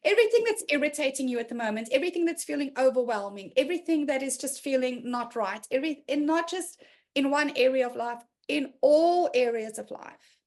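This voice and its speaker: A woman hosting an online group session over a video call, talking casually and openly, laughing often and acting out quoted voices. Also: high voice.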